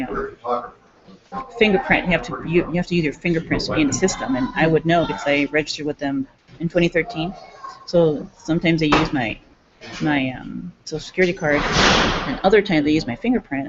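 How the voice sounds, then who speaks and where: A woman talking to camera in a rambling, agitated monologue, jumping from one topic to the next. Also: sits low. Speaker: self-described activist. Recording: dull lo-fi recording with clear background noise.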